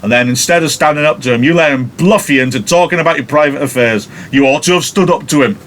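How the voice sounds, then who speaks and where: A man's voice: a little high, quick pace, fairly bright tone, lightly acted. A man reading as a blustering pompous father. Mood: indignant. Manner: bluff, indignant, blaming. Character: blustering pompous middle-aged father, businessman.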